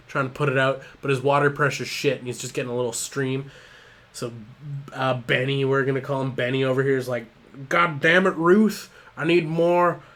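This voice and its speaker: A man's voice: medium pitch, a bit bright. A man chatting loosely through a home live stream, swearing freely and rambling. His speech is a little tipsy and unpolished, with many fillers and asides. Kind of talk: casual live-stream narration.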